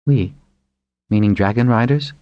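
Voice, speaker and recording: A man voicing a commanding, sharp-witted woman who leads dragonriders in an audiobook, speaking firmly and persuasively. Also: lowish voice, normal speed, no echo, dull audio, voice pushed up, lightly acted. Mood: resolute.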